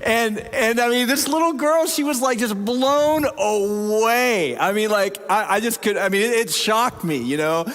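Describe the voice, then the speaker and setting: A man's voice: sits high, measured pace, few pauses, fairly bright tone. A man preaching a sermon as pastor, telling stories with humor at his own expense. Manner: humorous, self-deprecating storytelling. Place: church sanctuary. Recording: long reverb in a church hall.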